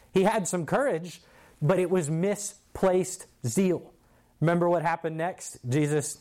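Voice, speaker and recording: A man's voice: fairly high pitch, a little mellow. A man preaching a sermon, retelling a scripture story in a vivid, conversational way.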